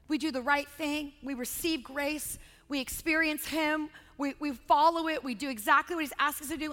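A middle-aged woman giving a sermon as a guest speaker, telling a family story with animated delivery and acting out voices. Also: extremely high pitch. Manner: animated, acts out voices of her children. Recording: long hall reverb.

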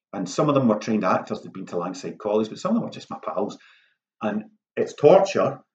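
In a workshop talk, a playwright hands out casual writing tips, poking fun at himself with lively energy and whispering out lines as he performs them. His voice sits fairly low, and the audio sounds dull.

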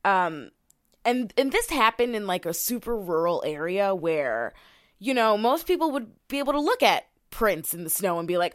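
A woman's voice: mid-range voice, big pitch swings, normal speed, no room sound, studio quality. A young woman co-hosting a podcast, telling a story in a casual, swearing, filler-heavy way and reading quotes aloud. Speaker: podcast co-host.

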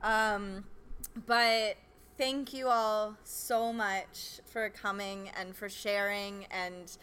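A woman's voice: medium pitch, steady tone, drawn-out words, a bit bright, smooth. A woman nanny in a casual group chat, giggly and a little hesitant, with plenty of "uh.".

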